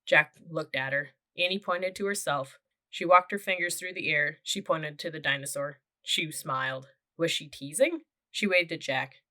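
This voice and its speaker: A woman narrating a children's audiobook with steady, clear storytelling. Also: low-pitched, normal speed.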